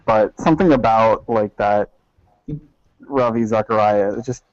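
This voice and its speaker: A man's voice: lowish voice, a little slow, no room sound. A man in a casual online debate chat, talking loosely with lots of filler words over a video call. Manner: loose, filler-heavy talk. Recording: dull lo-fi call audio.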